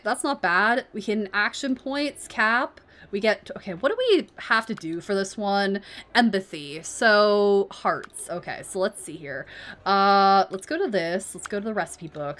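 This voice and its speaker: A woman's voice: medium pitch, fairly bright tone. A woman streamer giving casual gameplay commentary, reading game text aloud and swearing now and then.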